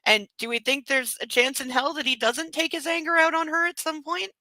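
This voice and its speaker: A woman's voice: high-pitched, little pitch movement, fairly quick, pushed and bright, no echo, low-quality recording. A woman reading a book aloud and breaking off with exasperated, mocking commentary that swears freely. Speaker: book club host.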